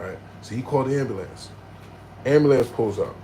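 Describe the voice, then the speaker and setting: A man telling a story in animated, slangy street talk, jumping into loud, high bursts when he acts out quotes. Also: a little fast, slight background noise, rough recording. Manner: profane, slangy.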